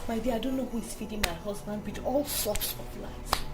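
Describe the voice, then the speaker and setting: An actress playing a worried wife who pleads and keeps asking "Eh?". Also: female voice, mid-range voice, steady tone, fairly quick, darkish tone, soft background music, close to an everyday voice. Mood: distressed. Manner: pleading, repeats "Eh?". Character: distressed faithful young wife. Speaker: accused wife. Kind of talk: Nollywood film acting.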